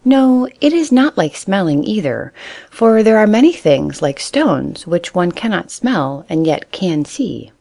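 A woman's voice: lowish voice, big pitch swings, unhurried, gravelly, dark tone, dry recording, full character voice. Woman voicing a tired mother rabbit. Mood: patient.

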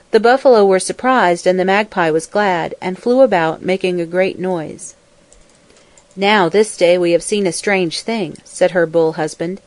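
A woman reading a folk tale aloud in a calm, measured way. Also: medium pitch, no room sound. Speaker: storyteller.

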